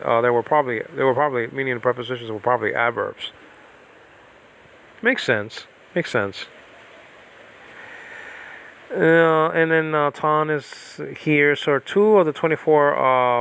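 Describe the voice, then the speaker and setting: A man's voice: mid-range voice, gravelly, a bit bright. A man teaching biblical Greek in a rambling, chatty livestream lesson from his self-built house, digressing often and filling gaps with ums and restarts. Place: self-built cement-block house during a typhoon.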